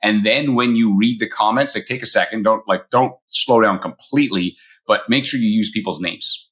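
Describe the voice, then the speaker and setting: A middle-aged man, a mortgage broker, talking casually on a solo podcast, often acting out quick quoted voices. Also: lowish voice, a bit bright. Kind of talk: solo podcast coaching talk.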